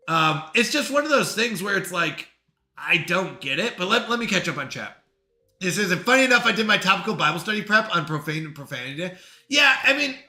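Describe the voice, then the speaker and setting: A man's voice: high voice, roomy sound. A man streaming and chatting casually with his live chat, acting out the people he quotes. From New York. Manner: animated, acts out quoted people.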